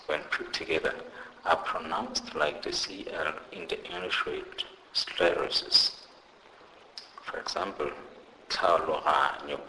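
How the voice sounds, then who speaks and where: A man's voice: deep voice, vocal fry, sharp tone, slight background noise, rough recording. A man teaching a beginner language lesson, spelling out letter pairs and saying each example word twice in a careful, scripted delivery. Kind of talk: slow scripted pronunciation lesson.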